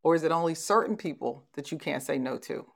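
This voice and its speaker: A woman's voice: low-pitched, expressive, brisk, gravelly. A middle-aged woman hosting a conversational motivational talk, telling stories and laughing easily. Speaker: host.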